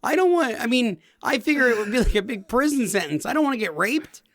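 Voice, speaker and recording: A man with a high voice co-hosting a gaming podcast in loose, casual chat. He jokes around constantly and often laughs mid-sentence. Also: animated, fast, a bit bright. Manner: joking, laughs while talking. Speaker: podcast co-host.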